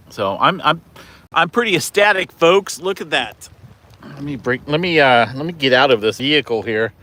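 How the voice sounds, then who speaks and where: A man hosting a casual weather vlog outdoors in falling snow beside his car, talking into a handheld camera in an excited, rambling way full of fillers and exclamations. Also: medium pitch. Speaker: weather channel host.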